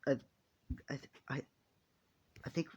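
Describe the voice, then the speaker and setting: A man's voice: a little slow, lightly acted. A man voicing an anxious, tearful young man in a fan-made story, stammering with fear. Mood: fearful. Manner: stammering, fearful.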